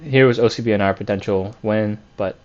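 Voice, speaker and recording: A man with a fairly low voice walks through his trades, openly picking apart his own mistakes. He thinks out loud, with fillers and restarts as he goes. The recording sounds dull and lo-fi. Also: brisk. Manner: self-critical, candid, thinks aloud with fillers. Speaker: day trader reviewing his week. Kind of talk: screen-share trade review.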